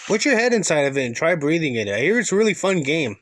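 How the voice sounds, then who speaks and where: A man's voice: on the high side, sing-song, quick pace. A man giving mocking, sarcastic commentary over a video, crude and insulting.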